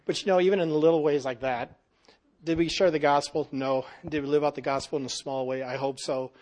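A man's voice: a little high, steady tone, a little fast, a little mellow. A man, a pastor, telling a story in casual group talk, rambling with many fillers and restarts.

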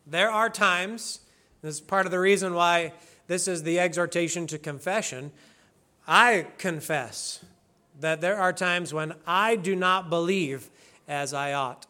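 A male pastor leading worship and preaching a sermon in an earnest, measured way. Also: high voice, bright, forceful tone. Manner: earnest, measured preaching with slow emphatic readings.

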